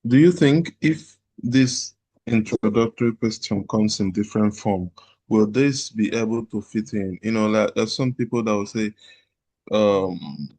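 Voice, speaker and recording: Hesitant low-voiced man asking a question. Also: a little slow, darkish tone, no room sound. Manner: hesitant, restarts while forming a question. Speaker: call participant.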